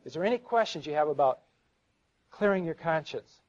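A man's voice: a little high, expressive, brisk, a little mellow. A middle-aged man giving an earnest sermon-style talk to a live audience, telling stories and stumbling over repeated words. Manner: earnest, storytelling, repeats words when stuck. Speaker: seminar speaker. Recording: dull lo-fi live recording.

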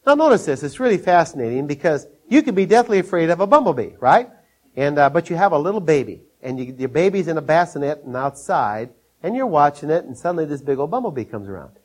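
An older man from Minnesota gives a sermon in a folksy, storytelling way. His voice sits a little high. He chuckles often and jumps his voice up to act out the scenes he describes. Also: very animated, fast talker, darkish tone. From Minnesota, USA. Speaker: preacher.

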